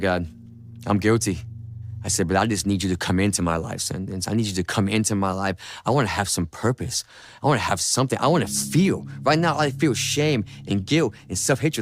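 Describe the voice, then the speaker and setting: A man telling his personal faith testimony in an earnest, emotional, repetitive way. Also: deep voice. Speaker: testimony speaker.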